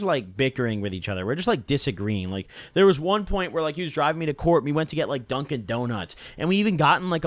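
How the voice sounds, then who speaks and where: A young man with a fairly high-pitched voice tells a rambling, profane story from his own life in a casual storytime vlog, ending his sentences with "right?". The recording has no room sound.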